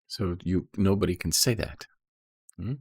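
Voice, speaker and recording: A man's voice: low voice, unhurried, creaky, darkish tone, husky, no room sound, clean studio sound. A man reading Bible verses aloud and explaining them in a casual teaching style, checking in often with "okay?" and "right?".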